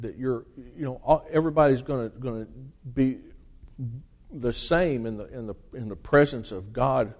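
A man's voice: medium pitch, darkish tone. A man preaching a sermon, reading scripture aloud with rising emphasis and explaining it in plain talk with restarts.

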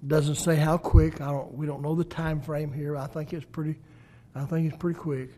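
A man preaching a sermon, swinging between loud emphatic peaks and hushed low endings. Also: flat delivery, normal speed.

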